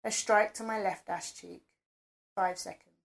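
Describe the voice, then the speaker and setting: A woman reads an intimate first-person audio story in a close, breathy manner. Her voice sits at a middle pitch with a light, gravelly fry running through it. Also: steady tone, a little slow. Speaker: narrator.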